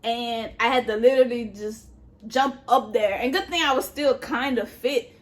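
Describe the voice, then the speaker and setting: Talking directly to her audience, a woman shares a personal story in a casual vlog, swearing and staying animated throughout. She speaks at a moderate pace in a slightly high voice.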